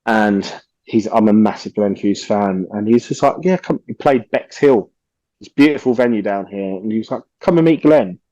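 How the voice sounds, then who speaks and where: A man's voice: on the low side, fairly even intonation, normal speed, dark tone, dry recording, highs cut off. A man, a podcast guest telling stories casually, animatedly acting out quotes and swearing freely.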